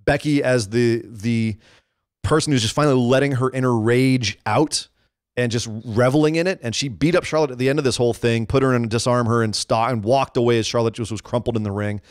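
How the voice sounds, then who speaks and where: A man's voice: mid-range voice, smooth, dry recording. Opinionated male podcast co-host, dry sound. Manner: animated, opinionated, quick to act out quotes. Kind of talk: casual wrestling chat.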